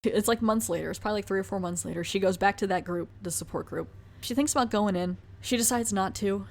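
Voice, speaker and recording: A woman's voice: medium pitch, fast, darkish tone. Chatty woman recapping a film. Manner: chatty, retells scenes with quoted voices and reactions. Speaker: podcast host. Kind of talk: casual movie review recap.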